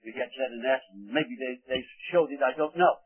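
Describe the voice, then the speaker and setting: A man's voice: mid-range voice, fairly quick, husky. A man preaching a sermon to his congregation, rambling and digressive with many restarts. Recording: tinny phone-like old recording.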